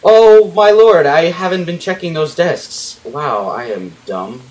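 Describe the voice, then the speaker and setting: A young man commentating a horror game as he plays, panicky and swearing, yelling at the enemies on screen. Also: a little high, lively intonation, slow pace. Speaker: gaming YouTuber.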